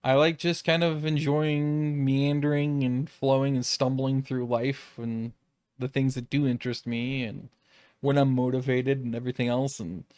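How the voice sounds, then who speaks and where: A man vlogging off the cuff, rambling and circling back on himself, with curse words scattered through his talk. His voice sits at a middle pitch for a man. It sounds close and dry, with no room echo. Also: little pitch movement, normal speed, darkish tone. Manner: rambling, profane, exasperated. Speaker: YouTube creator. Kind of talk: unscripted reflective monologue.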